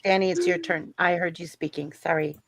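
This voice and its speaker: A woman hosting a casual panel chat who gently encourages people and hands out turns. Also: lowish voice, expressive, brisk, slight background noise. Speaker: host.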